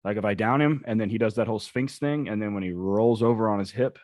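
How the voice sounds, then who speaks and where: A man's voice: fairly low pitch, fast, no room sound. A man co-hosting a podcast, telling stories in casual, profane chat. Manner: profane, animated storytelling. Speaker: podcast co-host.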